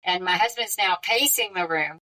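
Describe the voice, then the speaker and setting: Give me a middle-aged woman with a bright, lowish voice, chatting through a personal story, slightly distant from the mic. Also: normal speed. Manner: lively, conversational, with frequent quoted dialogue. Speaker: podcast guest.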